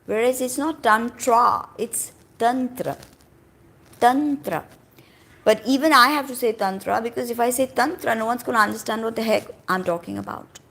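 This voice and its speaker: A woman's voice: a little high, fast, gravelly, hardly any pauses, a bit bright. A woman giving a casual spoken teaching, emphatic and conversational, drawing out key words for stress. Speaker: spiritual teacher.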